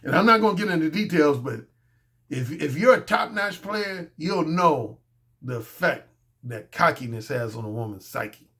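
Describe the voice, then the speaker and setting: A man with a high voice for a male speaker holds forth as a dating coach in a loose, unscripted monologue. He talks bluntly and boastfully, with plenty of profanity. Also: expressive, moderate pace, sharp tone. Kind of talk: casual monologue.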